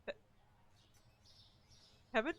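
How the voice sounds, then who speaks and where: A woman live-streaming from home, chatting in a self-mocking way as she plays and sometimes yelling loudly at the customers in the game. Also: very slow, highs cut off. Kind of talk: casual live-stream commentary while gaming.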